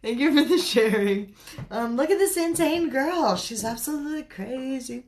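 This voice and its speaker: A woman's voice: high voice, expressive, moderate pace, a little mellow. A young woman from Canada hosting a spiritual livestream, chatting casually in a giggly, scattered way and answering her viewers' comments.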